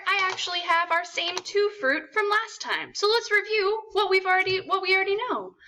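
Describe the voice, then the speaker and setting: A woman's voice: sits high, bright, forceful tone. A young woman teaching a children's music lesson in an upbeat, encouraging way. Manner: upbeat, encouraging, sing-song counting to a beat.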